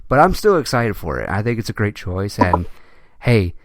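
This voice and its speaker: A man hosting a casual movie news podcast, talking in an animated way, laughing often and repeating himself. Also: fairly low pitch, moderate pace, dry recording, studio quality. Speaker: podcast host.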